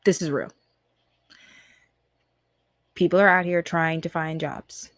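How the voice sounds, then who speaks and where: A woman's voice: fairly low pitch, fairly even intonation, slow pace, dry recording. A woman in her twenties hosting a podcast, giving a heated, emphatic political monologue full of rhetorical questions. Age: 20s. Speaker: podcast host.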